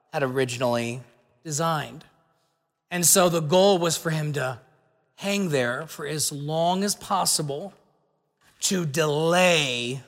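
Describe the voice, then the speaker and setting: A man's voice: a little high, gravelly, fairly bright tone, in a large hall. A pastor preaching a sermon in an earnest, conversational way, asking his listeners rhetorical questions.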